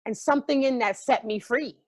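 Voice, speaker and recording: A woman's voice: high-pitched, a little fast, darkish tone, no room sound. Frank, vivid woman recounting a role. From New York. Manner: vivid, profane, emotionally open. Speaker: guest, stage actor. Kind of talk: casual storytelling.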